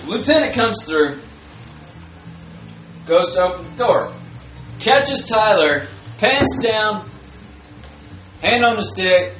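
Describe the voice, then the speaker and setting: A man's voice: high-pitched, lively intonation, slow pace, pauses often, a bit bright. A young man co-hosting a podcast, talking bluntly and profanely with lots of filler words. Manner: blunt, profane, loose filler-heavy talk. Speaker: podcast co-host. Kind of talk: casual chat. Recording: echoey room with faint music.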